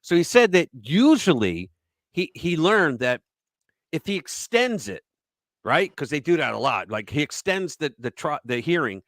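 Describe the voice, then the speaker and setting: A man's voice: fairly high pitch, very animated, measured pace, fairly bright tone, no echo. A man hosting a casual political talk show, retelling a story in a rambling way with restarts and fillers. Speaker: host.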